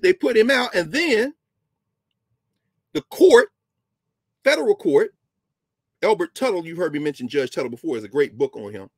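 A man lectures on history in an animated, emphatic way, his voice sitting a little high and swinging widely in pitch. His tone is husky. He mixes formal narration with loose, conversational asides. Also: no room sound. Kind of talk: history lecture on a talk show.

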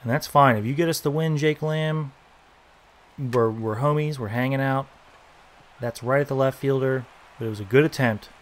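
A young man giving casual, joking commentary while playing a baseball video game, reacting loudly to big plays. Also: medium pitch, normal speed, long pauses. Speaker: gaming YouTuber.

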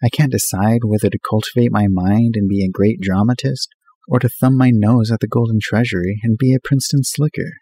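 A man's voice: lowish voice, steady tone, fairly quick, dark tone, husky, dry recording. A man voicing a restless, vain young male college student who talks eagerly about himself. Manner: eager, self-absorbed.

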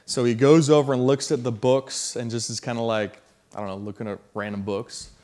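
A man preaching a sermon, telling a story in a casual, slangy way that builds to loud emphasis. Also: mid-range voice, flat delivery, fairly quick.

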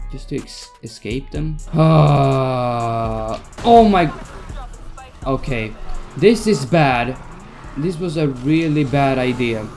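A man's voice: medium pitch, vocal fry, darkish tone. A young man giving gameplay commentary as a YouTuber, stressed and swearing as he talks to himself. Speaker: gaming YouTuber. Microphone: desk mic at a PC.

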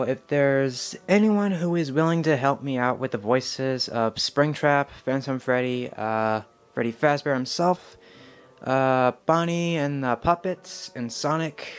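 A man's voice: medium pitch, clean tone. A sixteen-year-old boy giving a casual channel update, rambling with many fillers and self-corrections, unsure of himself. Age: teen. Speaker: channel owner.

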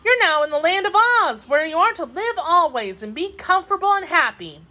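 A woman voicing a cheerful young farm girl who has become a princess, bright and eager. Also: extremely high pitch, big pitch swings, normal speed, voice pushed up, heavily acted, rough recording.

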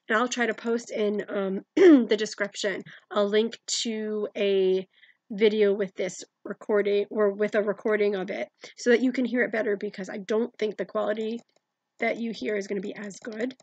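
A woman giving a gentle, encouraging music lesson to children, asking her young listeners questions as she explains. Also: medium pitch, steady tone, moderate pace, dry recording. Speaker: music teacher.

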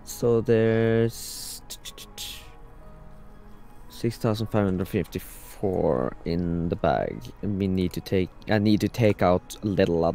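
Very slow, gravelly male player. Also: low-pitched, warm tone. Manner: unhurried, thinking aloud. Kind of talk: casual tabletop play.

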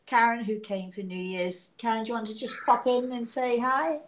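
A woman's voice: fairly high pitch, steady tone, normal speed. A woman hosting a casual live chat while sick and coughing, chatty and self-mocking, in a small apartment room. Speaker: host.

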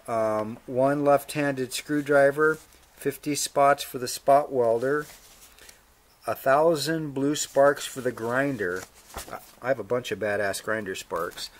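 A male vlog host casually reading viewer mail, with a laid-back manner and dry humor, playing along with joke letters. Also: medium pitch. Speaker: motorcycle channel host.

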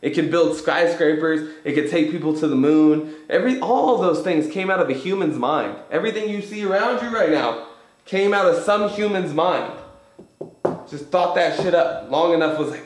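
Man, motivational host, cursing and slangy, slightly high voice, echoey room. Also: animated, normal speed. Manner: profane, emphatic, street slang. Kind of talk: casual motivational talk.

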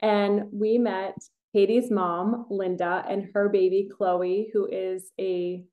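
A woman's voice: medium pitch, flat delivery, takes it slowly, narrow, tinny audio. A middle-aged woman hosting a casual podcast, chatty and enthusiastic, rambling a little as she talks. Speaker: podcast host, kinesiologist.

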